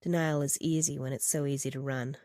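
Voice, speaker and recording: A woman narrating first-person fiction in a steady, measured reading. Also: very deep voice, no echo, studio quality.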